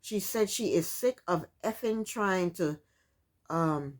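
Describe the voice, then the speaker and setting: A woman's voice: on the low side, animated, slow pace. A woman recapping a reality TV show in casual commentary, sassy and exasperated, firing off rhetorical questions.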